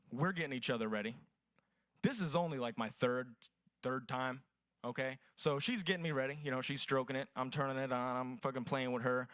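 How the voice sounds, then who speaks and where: Crude young stand-up comic, dry mic. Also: male voice, mid-range voice, fairly bright tone, no echo. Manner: crude, storytelling, profane. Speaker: stand-up comedian. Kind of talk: stand-up set at open mic.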